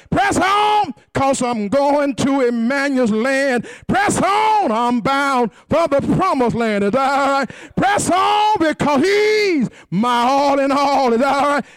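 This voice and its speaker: A male preacher, delivering a sermon in a whooping, sing-song cadence, often shouting and asking the congregation for response. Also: very high-pitched, no room sound, studio quality.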